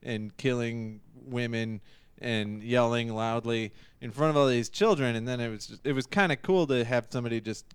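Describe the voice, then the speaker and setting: A man's voice: medium pitch, moderate pace, clean tone, no echo. A man chatting casually about comedy sets, hesitant and often trailing off. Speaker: stand-up comedian. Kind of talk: casual chat.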